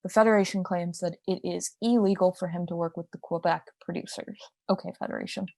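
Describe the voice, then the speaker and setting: Casual podcast co-host: young woman, slightly low pitch, dry recording, rambling asides. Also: steady tone, fairly quick, vocal fry, dark tone, dry recording. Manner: chatty, explains with asides and restarts. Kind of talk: casual storytelling chat.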